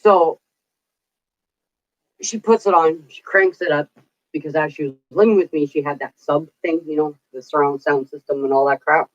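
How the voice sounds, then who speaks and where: A woman's voice: low-pitched, fairly even intonation, moderate pace, dull audio. A middle-aged woman telling stories in casual chat, chatty, laughing often and swearing casually. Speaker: vlogger.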